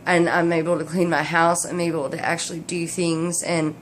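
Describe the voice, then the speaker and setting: Sleepy woman vlogging, lowish voice, rambling restarts, faint hiss behind. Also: little pitch movement, normal speed. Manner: rambling, emotional, many restarts and laughs. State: tired, drowsy from medication. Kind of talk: casual personal update to camera.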